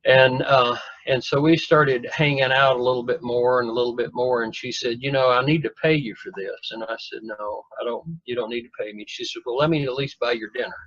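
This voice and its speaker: A man's voice: medium pitch, fairly even intonation, brisk, few pauses, fairly bright tone, dry recording. A man telling a long personal story in a folksy, rambling way with self-deprecating humor. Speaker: guest telling his story. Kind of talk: casual storytelling. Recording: dull lo-fi dry recording.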